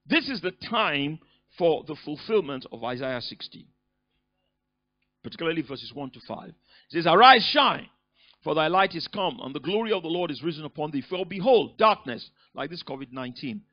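A man preaching a sermon as pastor, emphatic, often rising into loud bursts. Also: fairly high pitch. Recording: dull lo-fi recording.

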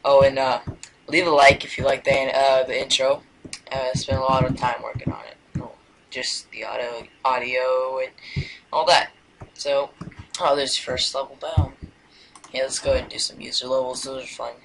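A man's voice: medium pitch, flat delivery, normal speed, noisy background. A man giving casual let's-play commentary, rambling and hesitant, now and then dropping to a mumbled whisper. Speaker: gameplay commentator.

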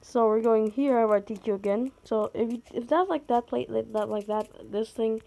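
A woman giving gameplay commentary, excitable, with sudden high outbursts. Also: moderate pace, vocal fry. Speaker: gamer.

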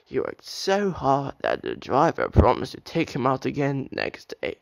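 Male narrator, young adult, amateur storybook reading, gravelly, dry close sound. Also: mid-range voice, wildly swooping pitch, unhurried, no echo. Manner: reads aloud with occasional slips and restarts.

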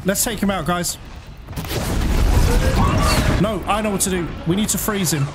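A young man commenting on his gameplay, excitable and panicky, swearing often. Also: high voice, normal speed. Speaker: gaming channel host. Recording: game music loud behind the voice.

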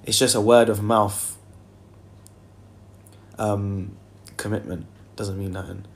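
A man's voice: on the low side, steady tone, slow pace, slight background noise. Chatty young man on a livestream. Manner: loose and chatty, many fillers, sings softly in between. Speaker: singer hosting a livestream. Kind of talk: casual livestream chat, reading comments.

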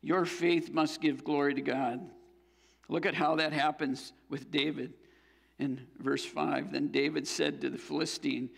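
A man's voice: on the high side, little pitch movement, measured pace, gravelly, in a large hall. A man preaching a sermon as pastor, earnest and building to fervent exhortation. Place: church sanctuary.

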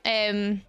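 A woman's voice: on the high side, clean tone, dry recording, lo-fi sound. A woman in her twenties chatting casually on a livestream, greeting viewers one after another and laughing often. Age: 20s.

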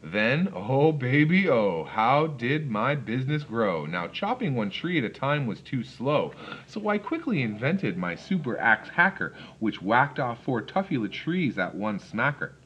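Lively, expressive storybook reader, man. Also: medium pitch, unhurried, breathy edge, highs cut off. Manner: expressive, rhythmic first-person reading. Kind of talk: read-aloud rhyming storybook narration.

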